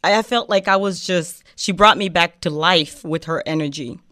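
On a clean studio track with no echo, a West African show host speaks at a normal speed in a low-leaning, fairly bright voice. Her interview show is heartfelt, her manner earnest and emotional, and her speech is dotted with fillers.

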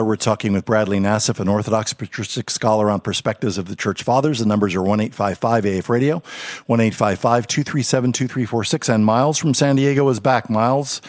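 A man hosting a call-in radio program, briskly thanking callers and steering the talk between guests. His voice has a middle pitch. It is recorded dry and close in a studio. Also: no echo. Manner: friendly, brisk moderator.

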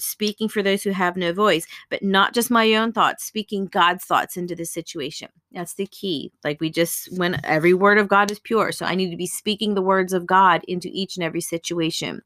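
A woman's voice: fairly low pitch, fairly bright tone, dry recording, studio quality. A woman giving an earnest devotional Bible teaching with prayer, speaking in a conversational way with casual fillers.

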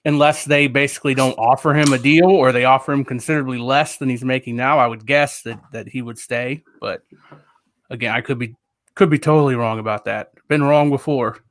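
A man's voice: mid-range voice, steady tone, fairly quick, fairly bright tone. A man co-hosting a podcast in casual chat, rambling and hedging with lots of fillers. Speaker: podcast co-host.

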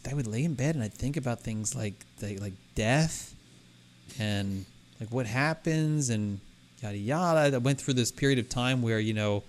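A man co-hosting a podcast, telling stories in casual chat, rambling and restarting his sentences often. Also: fairly low pitch. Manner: rambling, self-interrupting storyteller. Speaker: podcast co-host.

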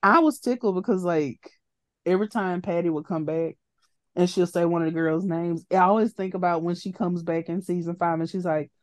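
A woman co-hosting a podcast in casual chat, animated, acting out quoted lines and laughing often. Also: on the low side, brisk, no echo. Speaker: podcast co-host.

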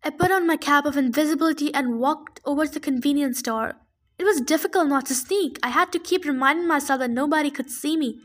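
A woman's voice: sits high, fast. A woman reading a novel aloud casually, adding her own chatty asides. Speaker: reader. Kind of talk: casual audiobook fan reading.

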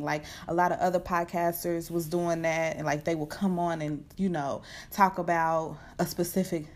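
Chatty, fast-talking woman podcaster. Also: on the low side. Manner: chatty, animated, fast-talking with many fillers. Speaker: podcast host. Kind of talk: casual unscripted chat. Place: home at night. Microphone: computer setup at home.

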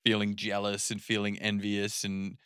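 A man's voice: on the low side, monotone, normal speed, a bit bright, clean tone, no echo, clean studio sound. A man co-hosting a podcast in casual chat, laughing easily, swearing casually and steering the conversation. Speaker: podcast co-host.

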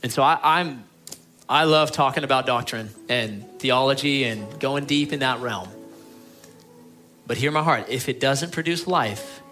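With faint music in the background, a man with a mid-range voice preaches unhurriedly to his church. His tone is earnest and pleading, and he drifts between emphatic and quiet passages.

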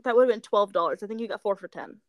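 A woman's voice: mid-range voice, rapid-fire, no room sound, studio quality. A young woman co-hosting a podcast, chatting casually and telling stories with lots of giggling, sounding tired late at night. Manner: giggly, excitable storyteller. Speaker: podcast co-host. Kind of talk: casual chat.

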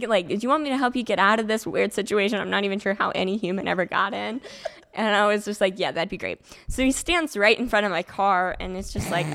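A woman's voice: medium pitch, a bit bright. A young adult woman in casual chat, telling a story and laughing often.

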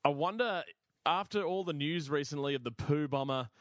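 A man's voice: a little high, moderate pace, dry recording, studio quality. A man co-hosting a comedy podcast, animatedly retelling a news story. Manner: animated retelling, acts out quotes. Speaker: podcast co-host.

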